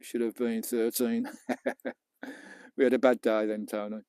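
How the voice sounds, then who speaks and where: A British man chatting casually on a live stream while he fishes on a beach. His voice is dark and mellow, recorded dry and close, and he jokes with viewers and swears now and then. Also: medium pitch, flat delivery, slow, clear, resonant tone, dry recording. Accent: British English. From England. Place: outdoors on a beach at night.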